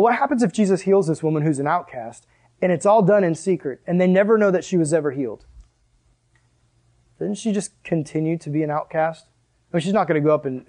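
A man preaching a sermon in a casual, animated way, full of "like" and asides. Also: fairly high pitch. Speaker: pastor.

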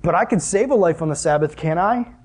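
A man's voice: high voice, fairly quick, husky. A man preaching a sermon in a casual, conversational way, acting out the voices of the people in his story and asking the audience questions. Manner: animated, acts out voices of Jesus and Pharisees.

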